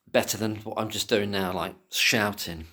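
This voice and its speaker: A man giving impassioned solo commentary who swears freely and swings from angry ranting to quiet muttering. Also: lowish voice, steady tone, moderate pace.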